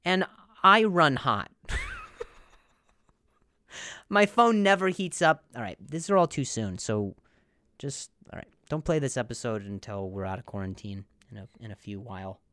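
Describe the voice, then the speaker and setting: Expressive and medium-pitched, this male podcast host talks at normal speed with frequent pauses, his tone pushed and bright. He gives a casual comedic monologue that rambles, stumbles over words, and has him laughing at his own jokes. It's studio quality, with no echo.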